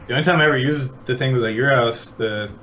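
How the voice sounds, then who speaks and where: A man's voice: mid-range voice, fast, bright, forceful tone, a little hiss or hum. A man chatting over a call in a rambling way, full of hesitant fillers. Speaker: guest on stream. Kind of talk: casual voice chat.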